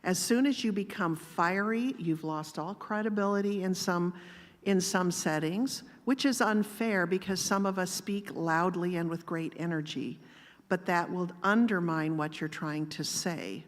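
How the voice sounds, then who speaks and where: Calm, low-voiced woman speaker in a church. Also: in a large hall. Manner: calm, measured, gently conversational. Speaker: guest speaker. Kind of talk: sermon-style talk with personal stories.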